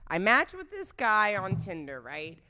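A woman's voice: mid-range voice, wildly swooping pitch, a little slow, sharp tone. A young woman telling a candid, profane dating story in casual chat, giggling as she goes.

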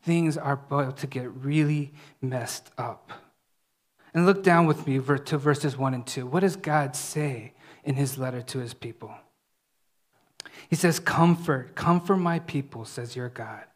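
A preacher giving a conversational sermon, often checking in with the listeners and dropping to a soft, hushed voice when reading scripture. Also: medium pitch, a little slow. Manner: conversational, often asks "right?".

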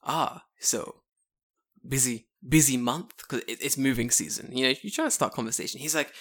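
A man in casual chat, telling an animated story, swearing freely and acting out the people he quotes. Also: mid-range voice, fairly quick.

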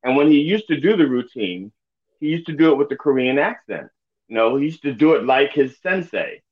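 On a casual podcast, a man with a mid-range voice talks fairly quickly, and the audio has a phone-like quality. He's an animated storyteller who laughs often.

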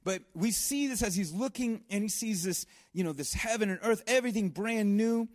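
A man with a high voice preaches in a relaxed, conversational way. He talks earnestly, repeats himself, and breaks into asides to the congregation. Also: moderate pace. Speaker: pastor. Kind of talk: sermon.

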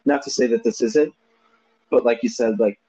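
A man's voice: medium pitch, moderate pace, dark tone, breathy edge. A man co-hosting a casual movie discussion podcast, laughing often and animatedly quoting lines from the film. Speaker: podcast co-host. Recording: dull lo-fi sound.

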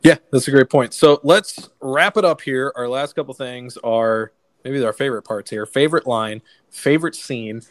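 A man with a mid-range voice hosts a casual film podcast at a moderate pace, with no room sound. His movie talk is loose and enthusiastic, packed with fillers.

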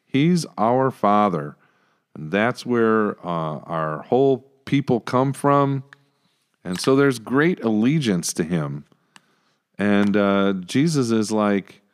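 A man co-hosting a casual Bible study discussion, talking it through in a relaxed way with many fillers. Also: lowish voice, slow pace, smooth. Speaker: co-host discussing scripture.

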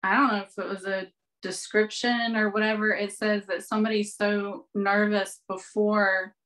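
A woman's voice: mid-range voice, flat delivery, normal speed, a bit bright, low-quality recording. A woman co-hosting a podcast, chatting casually and mostly giving short, agreeing replies. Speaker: podcast co-host. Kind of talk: casual chat.

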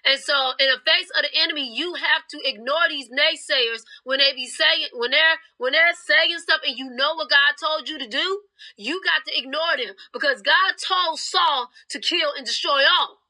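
A woman's voice: sits high, moderate pace, sharp tone, rough recording. A young woman preaching a fervent sermon, retelling scripture in her own words.

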